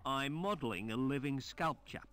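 A man's voice: medium pitch, expressive, normal speed, fairly bright tone, faint music behind, lightly acted. An actor with an Australian accent playing a sarcastic, snooty male city gardener in an adventure game. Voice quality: sardonic, dismissive. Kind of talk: 1990s adventure game voice acting.

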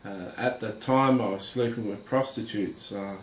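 A man with a somewhat low voice tells his testimony straight to the viewers, halting and earnest, pausing often. The room has a noticeable echo, and a faint noise hums underneath. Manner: halting and earnest, many pauses and fillers. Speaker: Christian testimony speaker. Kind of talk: personal testimony addressed to viewers.

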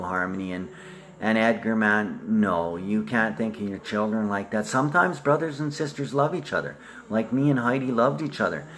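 A man's voice: fairly low pitch, fairly bright tone. A man talking in a long rambling monologue, swearing freely and jumping from topic to topic.

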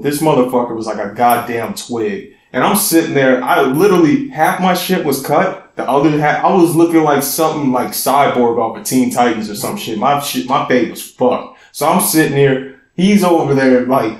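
A young man co-hosting a podcast, telling a long profane story in a loose, animated way. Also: medium pitch, normal speed, roomy sound. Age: young adult. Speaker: podcast co-host. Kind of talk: casual storytelling chat.

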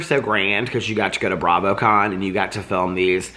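Bright-voiced chatty man, gossipy and dramatic. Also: deep voice, fairly even intonation, fairly quick. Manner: chatty, dramatic, full of "like" and "okay". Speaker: TV commentary vlogger. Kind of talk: casual gossipy chat to camera.

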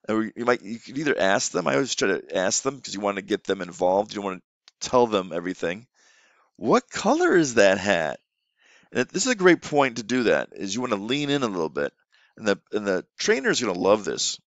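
Casting: low-voiced male English teacher with an animated delivery and a dry, close sound, walking through lesson tips casually. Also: gravelly, no room sound. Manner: casual explanatory talk with frequent restarts. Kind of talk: instructional teaching tips video.

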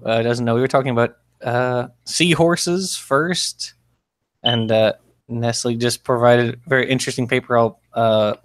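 A man hosting a casual group chat in a relaxed, wry manner. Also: mid-range voice, no room sound, studio quality.

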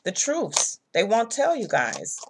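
A woman's voice: medium pitch, huge pitch swings, slow, creaky, noisy background. Blunt, profane woman tarot reader. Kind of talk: casual tarot reading.

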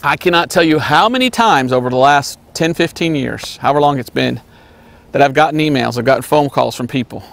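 A man preaching an earnest sermon, repeating his points and sometimes mocking name-callers in a high voice. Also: fairly quick, vocal fry, a bit bright. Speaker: evangelist preacher.

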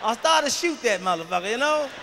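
A man performing a profane stand-up comedy routine, shouting and ranting through his stories. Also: very high-pitched, expressive, fast. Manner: profane, shouting, fired-up storytelling. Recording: live hall reverb, faint background noise.

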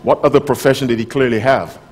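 Direct preacher, man, loud then soft. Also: mid-range voice, steady tone, fast. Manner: direct, questions the audience. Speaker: pastor. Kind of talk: sermon. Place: conference hall, live audience.

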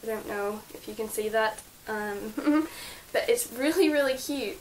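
A woman's voice: on the high side, measured pace, darkish tone, slight background noise, rough recording. A young woman vlogging from her bedroom, gushing and chatty with lots of fillers as she shows her birthday gifts. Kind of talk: casual birthday haul vlog.

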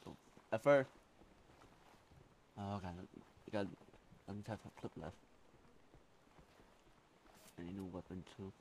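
A man commenting on a blind video game playthrough, excitable, swearing and yelling at enemies as he plays. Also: lowish voice, measured pace, pauses often, slight background noise. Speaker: let's play gamer.

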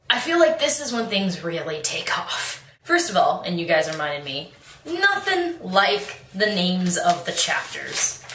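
A woman's voice: lowish voice, a bit bright, far from the mic, a little hiss or hum. A young woman chatting casually in a book review vlog, bubbly and rambling, with plenty of restarts and laughs. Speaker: book vlogger. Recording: echoey room, away from the mic.

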